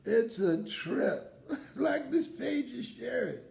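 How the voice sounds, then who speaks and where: Animated older man telling stories. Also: very high voice, takes it slowly, gravelly, roomy sound. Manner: animated, laughs heartily while telling stories. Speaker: motivational speaker. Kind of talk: casual live-stream storytelling.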